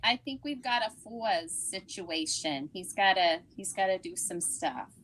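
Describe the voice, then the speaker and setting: A woman's voice: medium pitch, lively intonation, a little slow, a bit bright, poor audio. A woman co-hosting a podcast who adds short, encouraging remarks. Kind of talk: casual podcast chat.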